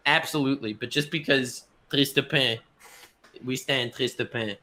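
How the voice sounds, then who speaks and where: Animated bright-voiced young guy. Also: medium pitch, unhurried. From Canada. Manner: animated storyteller, acts out scenes in voices. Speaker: podcast co-host. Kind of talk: casual chat.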